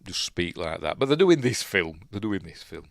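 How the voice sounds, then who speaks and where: A man with a Yorkshire accent chats his way through a film as he watches it, rambling and wandering off on tangents. His voice sits on the low side but swings up and down a lot. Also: big pitch swings, normal speed, creaky, dry recording, clean studio sound. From Yorkshire, England. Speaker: film reviewer, channel host. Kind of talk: casual rambling commentary while watching a film.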